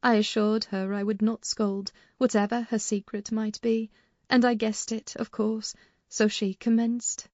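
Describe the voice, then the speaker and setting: Mellow woman narrating a classic novel. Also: a little high, dry recording, muffled recording. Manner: measured, expressive storytelling with voiced dialogue. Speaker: audiobook narrator. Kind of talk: scripted first-person novel narration.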